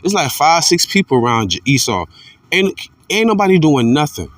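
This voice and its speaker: A man giving an informal religious commentary monologue. He is blunt and profane, repeats himself, and swings between fired-up outbursts and low muttering. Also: very animated, normal speed, no echo, distant mic.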